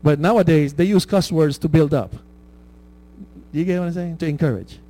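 A man's voice: a little high, normal speed, dark tone, poor audio. A man preaching a conversational sermon, checking in with his listeners with "right?" and laughing at his own stories. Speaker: pastor.

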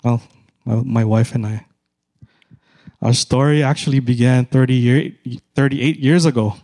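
Filipino-accented middle-aged preacher, unhurried delivery, mid-pitched male voice. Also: steady tone, mellow. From Philippines. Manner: slow, measured, emphatic repetition. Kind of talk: sermon.

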